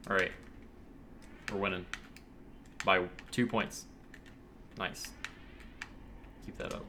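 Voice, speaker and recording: A young man commentating his own online shooter match, excitable and cursing, yelling at other players. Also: low voice, slow, a little hiss or hum. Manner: excitable, swears often, yells at other players. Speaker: gamer streamer. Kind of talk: live gameplay commentary.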